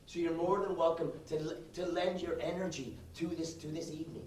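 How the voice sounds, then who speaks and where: A man with a fairly high voice works a live crowd with a guitar, ribbing the audience and checking in with "all right?" at every turn. He sounds a little off-mic in a roomy venue, with guitar music playing behind him. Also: fairly even intonation, brisk, darkish tone, far from the mic, slight background noise. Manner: teasing the crowd, ends lines with "all right?". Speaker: comedic performer. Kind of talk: live comedy set with guitar.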